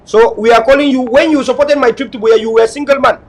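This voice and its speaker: A man hosts a talk show in an unusually high voice. He harangues his audience, hammering home the same points over and over in a lecturing tone. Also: steady tone, quick pace, darkish tone, low-quality recording. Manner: hectoring, repetitive, lecturing. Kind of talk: online talk show monologue.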